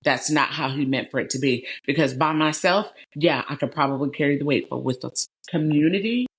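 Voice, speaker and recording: A woman's voice: low-pitched, a little fast, slightly rough. A middle-aged woman hosting an interview podcast, talking animatedly and calling her listeners "y'all". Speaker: podcast host. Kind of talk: conversational interview.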